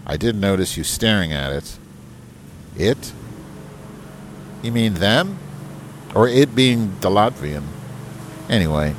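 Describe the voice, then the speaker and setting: A man's voice: fairly low pitch, very animated, slow, long pauses, slight background noise. An older man hosting a podcast, talking casually with profane, sarcastic grumbling. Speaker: podcast host. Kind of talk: casual comedic podcast monologue. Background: yard machinery droning nearby.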